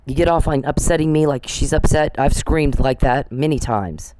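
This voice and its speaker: A man's voice: fairly high pitch, normal speed, a little mellow, smooth, no echo, rough recording. Scornful, profane man ranting. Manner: scornful, mocking, profane, repetitive. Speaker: podcast host. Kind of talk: angry monologue addressed to an absent person.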